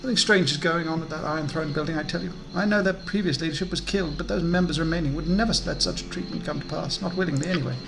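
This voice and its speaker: A man's voice: on the high side, creaky, background noise. A man voicing a haughty, wealthy noblewoman in a game, complaining in an offended, indignant tone. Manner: huffy, offended, rapid complaining.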